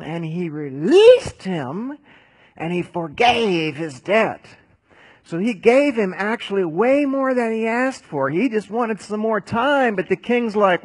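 Gravelly, husky male preacher. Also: high voice, no room sound. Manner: casual, storytelling, animated. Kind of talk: conversational sermon.

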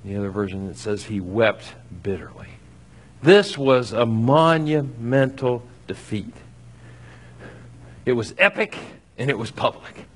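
A man preaching a sermon, acting out scripture with lively swings between loud and soft. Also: mid-range voice, measured pace, pauses often. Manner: animated, acts out scripture with shifting loudness. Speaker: pastor.

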